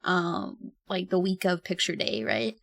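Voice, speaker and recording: A young woman streaming while she draws, chatting casually, giggling often and reading chat out loud. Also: lowish voice, steady tone, measured pace, vocal fry, dry recording, clean studio sound.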